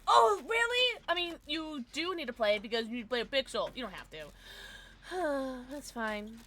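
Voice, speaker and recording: Excitable woman streamer with a lively voice. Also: on the high side, normal speed, a little hiss or hum. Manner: excitable, chatty, reacting to chat and gameplay. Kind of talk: casual gaming livestream chat.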